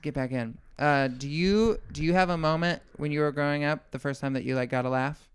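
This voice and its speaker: Fast-talking guy guesting on a podcast, smooth clear voice, playful, says things well. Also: fairly high pitch. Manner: articulate and playful, quick to joke. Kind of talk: casual conversational interview.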